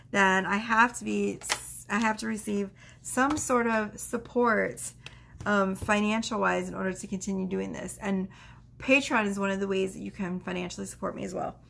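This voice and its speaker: Gravelly-voiced woman giving a tarot reading. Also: medium pitch. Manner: gentle, affectionate, reads oracle cards aloud slowly. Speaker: tarot reader.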